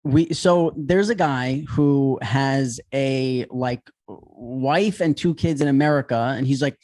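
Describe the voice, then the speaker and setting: A man co-hosting a podcast, telling a story in an animated, ranting way with lots of swearing. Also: mid-range voice, moderate pace, few pauses. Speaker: podcast co-host. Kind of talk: casual chat.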